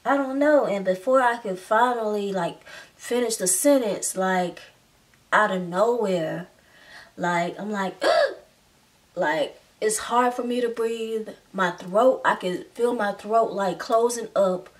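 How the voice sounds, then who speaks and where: A woman's voice: medium pitch, slow. A young woman telling a personal story in a casual, chatty way, with many filler words. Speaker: vlogger. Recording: slightly distant mic.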